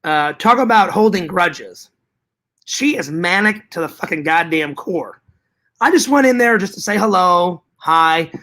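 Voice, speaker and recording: Speaking at a measured pace in a high-pitched voice, a man hosts a casual live stream. He reads out chat messages and replies animatedly and profanely, with frequent repetition.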